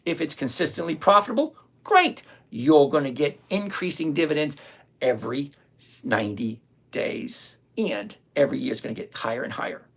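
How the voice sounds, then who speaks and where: Blunt, gravelly older livestream trading host. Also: mid-range voice, big pitch swings, moderate pace, fairly bright tone. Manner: blunt, sarcastic, repeats himself for emphasis. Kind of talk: live-stream chat reading viewer comments.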